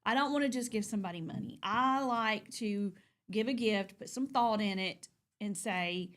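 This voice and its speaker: An older woman co-hosting a casual chat, telling animated stories and acting out what people said. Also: mid-range voice, moderate pace. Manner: chatty, animated storyteller, acts out quotes.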